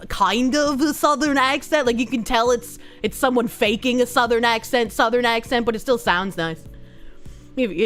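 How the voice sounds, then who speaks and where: A woman streamer casually chatting and reading donation messages, with loose, profane banter and frequent laughter. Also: fairly high pitch.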